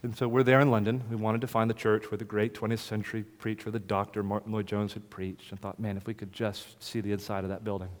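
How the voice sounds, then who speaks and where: Impassioned preacher in a reverberant hall. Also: male voice, fairly low pitch, level tone, quick pace, hardly any pauses. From United States. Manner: impassioned preaching, swings from soft hushed lines to loud proclamation. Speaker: pastor. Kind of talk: sermon.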